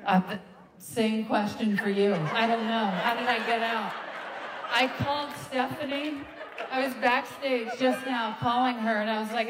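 A woman stand-up comedian telling a story live on a theater stage, in a halting, rambling, self-interrupting way. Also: fairly high pitch, steady tone. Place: theater stage before a laughing audience. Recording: long hall reverb, loud crowd and noise.

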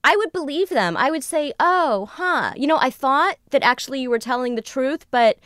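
This high-pitched woman talks at a moderate pace, recorded cleanly in a studio without any room sound. She's a guest sharing a personal tale in conversation, lively as she re-enacts what each person said.

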